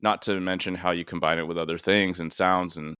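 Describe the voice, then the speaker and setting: A man's voice: sits low, little pitch movement, a little fast, bright, forceful tone, clear, resonant tone, no echo, studio quality. A man hosting a casual interview conversation, a police officer, thoughtful and rambling with many fillers. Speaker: podcast host and police officer.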